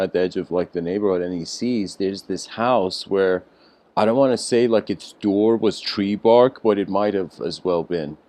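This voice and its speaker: A man's voice: fairly low pitch, darkish tone, dry recording. A man giving a casual storytelling lecture, rambling with lots of fillers and self-corrections.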